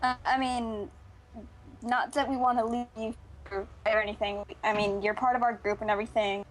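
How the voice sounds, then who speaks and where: Woman player in a tabletop game, kinda high voice, lots of ums, faint hiss behind. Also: fairly even intonation, normal speed, low-quality recording. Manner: chatty, hesitant, many fillers.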